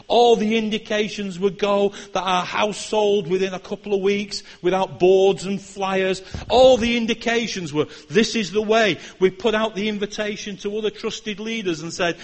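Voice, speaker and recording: An older man delivers a sermon as a guest preacher. His voice sits notably high for a man, and he moves between ringing declarations and quiet, intimate prayer. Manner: impassioned, swinging from loud declarations to hushed prayer.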